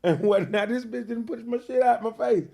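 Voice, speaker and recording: A man telling a wild personal story in an interview, slangy and profane, full of fillers, getting loud and animated as he acts it out. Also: very high-pitched, fairly quick, creaky. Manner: grows loud and animated when reenacting. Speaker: interview guest.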